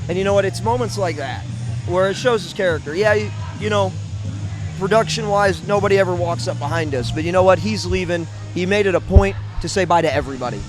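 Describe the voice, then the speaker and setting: A man's voice: sits high, quick pace, over music. A man from the St. Louis area doing emotional, emphatic commentary for a wrestling show. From St. Louis area, USA. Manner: heartfelt, emphatic, repeats himself.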